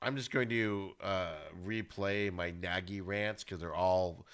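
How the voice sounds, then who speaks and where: A man hosting a podcast, giving an animated, ranting football recap with plenty of exclamations. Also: medium pitch, moderate pace, hardly any pauses, clear, resonant tone. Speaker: podcast host.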